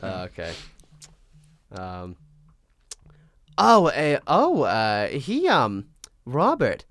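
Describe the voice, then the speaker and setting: Lively man reading aloud, dry sound. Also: mid-range voice, drawn-out words, no room sound. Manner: lively, stumbling over words with laughs. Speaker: podcast co-host. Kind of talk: reading a story aloud and casual chat.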